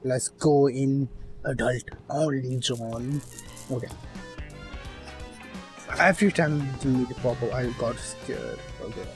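A man giving rambling play-by-play commentary on a horror game, with loud outbursts. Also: medium pitch, takes it slowly, pauses often, faint music behind, low-quality recording. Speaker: gaming streamer.

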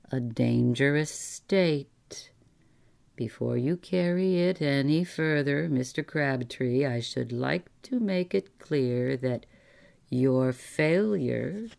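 A woman doing a plump, ruthless employer in a bedtime storybook. He speaks slowly and smoothly, each threat delivered calmly. His voice is very low and gravelly, with faint music underneath. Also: exaggerated voice. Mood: menacing. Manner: suave, unhurried, coolly menacing.

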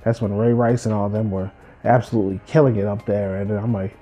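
A man's voice: fairly low pitch, brisk, muffled recording, faint music behind. A man in his twenties from New Jersey, a former college football player, reflecting on his life and acting out what others said to him. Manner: acts out quoted people with lively voices. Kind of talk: reflective personal storytelling.

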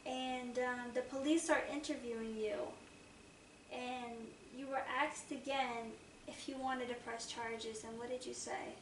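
A woman hosting an interview, asking gentle, guiding questions and recapping her guest's story. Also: on the high side, steady tone, a little slow. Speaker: host. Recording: echoey room, mic far off, faint noise.

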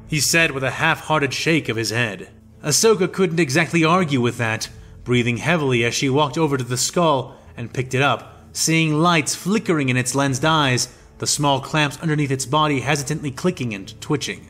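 A man narrating a fan fiction story in a steady, descriptive reading. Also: fairly high pitch, moderate pace, faint music behind.

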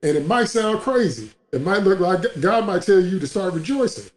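A man's voice: high voice, animated, normal speed, roomy sound. A man preaching a sermon as a pastor, emphatic and repetitive, in a livestream broadcast.

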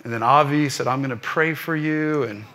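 During a live church service, a man who serves as both rabbi and pastor shares a personal story, his delivery animated and climbing to rising peaks. His voice sits fairly high and moves at a normal speed.

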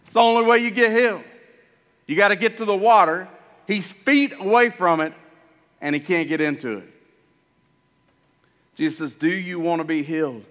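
Man, pastor preaching a sermon, high voice, bright and forceful tone, church hall reverb. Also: normal speed, long pauses. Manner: animated preaching that acts out the story's voices. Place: church sanctuary.

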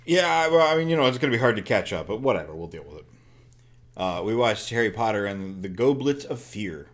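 Man, podcast co-host, low pitch with a lively swinging delivery, loose and chatty, breaks into quotes. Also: brisk. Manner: animated, reads movie quotes aloud with laughs. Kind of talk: casual chat about movies.

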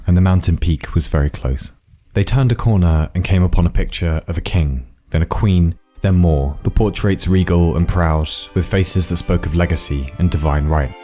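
A man narrating a fairy tale in a measured, dramatic reading. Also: low voice, mellow. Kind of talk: storytelling narration.

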